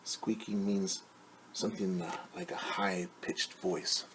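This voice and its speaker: A man, a teacher, reading a picture book aloud to children in a gentle, hushed way, often dropping to a whisper and explaining new words simply. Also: sits low, flat delivery, takes it slowly, noisy background.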